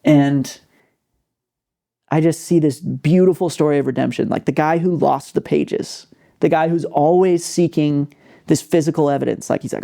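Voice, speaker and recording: A man hosting a podcast, spinning a story in a relaxed, chatty way and leaning on frequent fillers. His voice sits a bit high for a man, with a gravelly edge and a dark, mellow tone. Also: normal speed. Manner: animated, filler-heavy storytelling. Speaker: podcast host. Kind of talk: casual storytelling.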